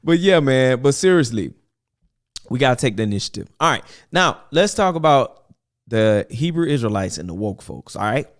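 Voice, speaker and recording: Animated male talk radio host. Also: medium pitch, moderate pace. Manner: animated, preachy, repeats himself, laughs often. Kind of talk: casual talk radio monologue.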